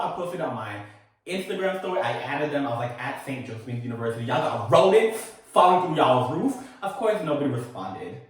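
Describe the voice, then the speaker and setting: Animated sassy man in an echoey room. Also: medium pitch, recorded from a distance. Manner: animated, sassy, laughing asides. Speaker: storytelling host. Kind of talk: casual storytime monologue.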